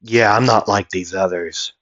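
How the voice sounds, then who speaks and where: A man's voice: on the low side, fairly even intonation, unhurried, a bit bright. A man voicing a cocky young male hero who taunts and laughs at his enemy, in a story he narrates. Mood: taunting. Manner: mocking, goading. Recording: dull lo-fi audio.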